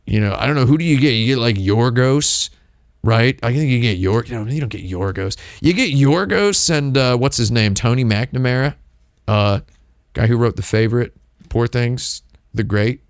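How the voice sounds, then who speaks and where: A mid-range male voice at a moderate pace, recorded clean with no room sound, hosts a casual livestream. He rambles, often breaks off and restarts his sentences, and drops wry asides.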